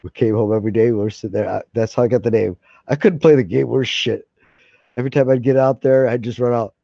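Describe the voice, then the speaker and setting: A man's voice: medium pitch, quick pace, vocal fry, dry recording. A middle-aged man talking casually as a gaming streamer, rambling, swearing freely and restarting his sentences. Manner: profane, excitable, full of restarts. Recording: dull lo-fi sound.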